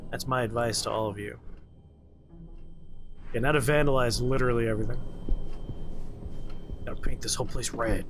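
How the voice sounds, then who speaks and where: A man's voice: mid-range voice, lively intonation, moderate pace, long pauses. A man streaming a horror game, giving casual, rambling commentary full of jokes and puns. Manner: jokey, rambling asides and puns. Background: horror game music playing clearly.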